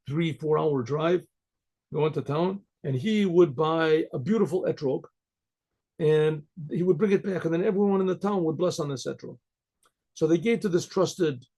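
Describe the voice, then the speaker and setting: An older man tells a story the way a rabbi would to a small audience, wandering off into asides and catching himself mid-word. His voice sits a little high for a man, gravelly and husky. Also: a little mellow. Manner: rambling, restarts and asides, clears throat. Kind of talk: casual spoken storytelling.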